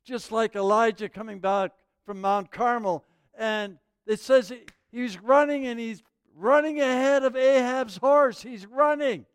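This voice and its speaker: A man preaching a sermon as the pastor, telling stories in an animated way. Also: very high-pitched, measured pace, hardly any pauses, clear, resonant tone, no room sound.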